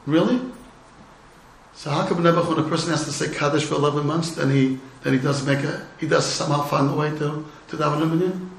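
A man's voice: a little high, fairly quick, a little hiss or hum. A middle-aged man teaching a class as a rabbi, telling humorous stories and asking rhetorical questions. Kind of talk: storytelling Torah talk. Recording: echoey room.

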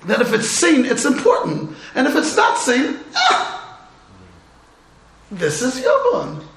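A man's voice: very high voice, wildly swooping pitch, normal speed, creaky. A middle-aged man teaching a class as a rabbi, telling humorous stories and asking rhetorical questions. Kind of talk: storytelling Torah talk. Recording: echoey room.

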